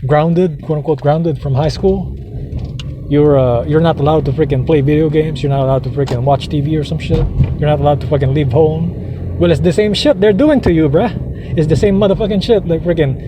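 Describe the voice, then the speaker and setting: A man's voice: fairly high pitch, a little fast, background noise. A man ranting angrily in a vlog monologue, swearing and repeating himself. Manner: angry, profane, repetitive. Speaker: vlogger.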